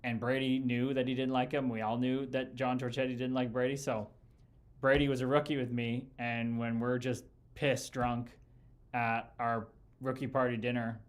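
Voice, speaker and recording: A man hosting a laid-back live chat with viewers, spinning rambling stories from his pro hockey days. His talk is full of swearing, fillers and restarts. His voice sits at an ordinary male pitch. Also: level tone, normal speed. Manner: rambling, profane storytelling with many fillers and restarts. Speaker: podcast host and former pro hockey player. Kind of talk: casual livestream chat with viewers.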